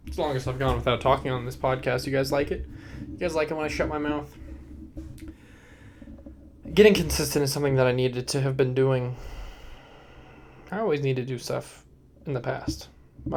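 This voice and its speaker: Young male podcast host, tired, rambling, self-deprecating, middle pitch, trails into mumbles. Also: a little fast, long pauses, a little hiss or hum. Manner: rambling, self-deprecating, drifting off-topic, often low and mumbled. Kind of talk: casual solo podcast ramble.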